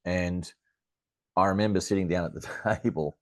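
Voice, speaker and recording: A middle-aged Australian man, an astrologer guest in an interview, telling a personal story in a lively anecdotal way with plenty of fillers and restarts. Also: low-pitched, moderate pace, no echo, studio quality.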